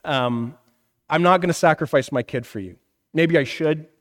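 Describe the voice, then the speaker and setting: A man's voice: a little high, moderate pace. A man in his thirties, a pastor preaching a conversational sermon, asking the room questions and often checking in with "right?". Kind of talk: interactive sermon teaching. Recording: reverberant hall.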